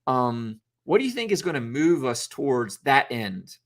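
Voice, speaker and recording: A man's voice: mid-range voice, big pitch swings, moderate pace, fairly bright tone. A man who coaches youth football, talking through leadership in a loose, unscripted podcast debate, with lots of restarts and acted-out coach quotes. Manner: rambling, many restarts, acts out coach quotes.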